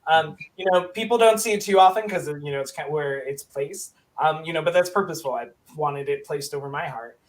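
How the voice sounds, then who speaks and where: A young man with a noticeably high voice tells a story in casual conversation. He is animated and self-mocking, with plenty of likes and you-knows. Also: a little fast, hardly any pauses. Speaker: guest.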